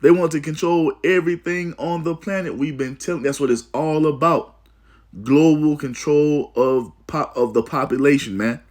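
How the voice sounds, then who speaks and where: A man's voice: fairly high pitch, fairly even intonation, normal speed, darkish tone. A man preaching about prophecy, reading aloud from an article and breaking into emphatic asides, often repeating "you see" and "man.". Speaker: religious teacher.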